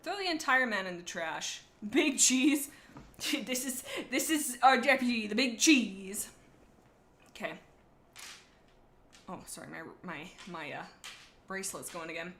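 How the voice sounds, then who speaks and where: Giggly, bright-voiced woman streamer. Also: medium pitch, normal speed, long pauses, slight background noise. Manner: giggly, rambling, animated asides. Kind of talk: casual livestream, reading fanfiction aloud.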